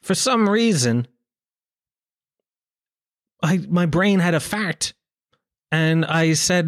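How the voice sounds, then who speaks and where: Irish guy in his 30s telling a funny story, kinda high voice, really dry close sound. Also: slow pace, long pauses, no echo. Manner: animated, swearing, acts out quoted voices. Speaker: comedian. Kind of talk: casual storytelling chat.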